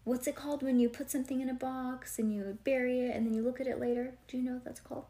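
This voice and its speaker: A woman's voice: high voice, fairly even intonation, fast, dark tone. A woman reading a children's storybook aloud in a home recording, breaking off to chat, quiz her listener and explain things, with many "like"s and "um"s. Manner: conversational, quizzes the listener, digresses with "like" and "um". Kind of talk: storybook reading with chatty asides.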